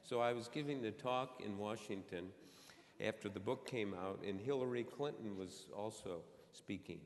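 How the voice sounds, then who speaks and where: A man on a forum panel telling an anecdote to a live audience, slow and halting, pausing and restarting as he goes. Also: lowish voice. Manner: slow, halting storyteller who pauses and restarts. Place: stage in a large auditorium. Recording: echoey hall reverb.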